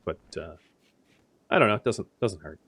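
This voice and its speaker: Lower-voiced man commentating his game. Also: lively intonation, moderate pace, a bit bright, slightly rough. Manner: thinking aloud, explanatory, with frequent fillers. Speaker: gaming video host.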